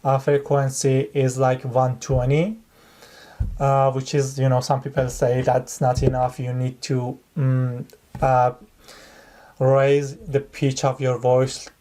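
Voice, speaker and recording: A man's voice: mid-range voice, completely flat delivery, takes it slowly, dark tone. A man giving a casual spoken tutorial on exam speaking, rambling and conversational as he explains. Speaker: test-prep tutor.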